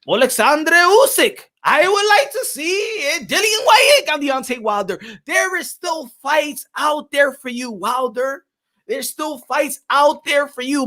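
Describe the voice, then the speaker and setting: A man's voice: very high voice, sharp tone. A man delivering heated, profane vlog commentary on boxing.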